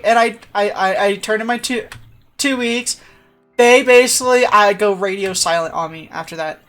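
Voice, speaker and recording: A woman's voice: a little high, animated, moderate pace, fairly bright tone. Chatty woman streamer with faint music. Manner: chatty, laughs often, acts out quoted voices. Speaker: livestreamer. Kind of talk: casual storytime chat while gaming.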